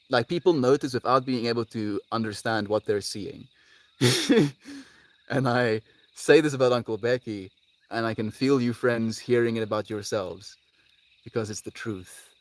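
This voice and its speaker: Soft-spoken dreamy man on a live stream. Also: medium pitch, no echo. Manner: dreamy and heartfelt, lots of laughter and sighs; drawn-out pauses, often trailing off quietly. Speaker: livestreamer. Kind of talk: live stream chat with viewers. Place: outdoors with birds audible.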